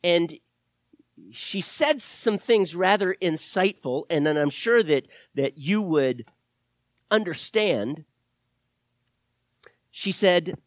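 Animated preacher with lively, swinging pitch. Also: male voice, slow pace, long pauses, dry recording. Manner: animated, swings from loud exclamations to hushed, whispered asides. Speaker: pastor. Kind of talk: sermon.

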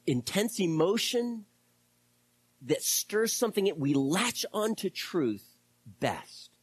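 A pastor preaching a sermon to a congregation, animated and repeating words, dropping to a hush at times. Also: mid-range voice, slightly rough, no echo.

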